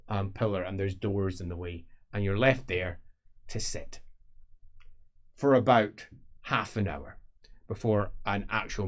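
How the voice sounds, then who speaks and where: A man narrating an improvised tabletop game as game master, rambling with many fillers. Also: fairly low pitch. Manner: rambling, filler-heavy description.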